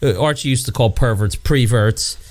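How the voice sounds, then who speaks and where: A man's voice: big pitch swings, normal speed. A man co-hosting a casual chat, rambling through stories, swearing freely and acting out scenes. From New York area. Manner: rambling storyteller, swears, acts out scenes in high put-on voices. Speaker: podcast co-host.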